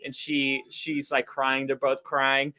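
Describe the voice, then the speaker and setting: A man's voice: medium pitch, monotone, takes it slowly, bright, forceful tone. A man co-hosting a casual fan broadcast of a football game, rambling through stories and laughing often. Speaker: fan co-host calling the game. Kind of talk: casual play-by-play chat.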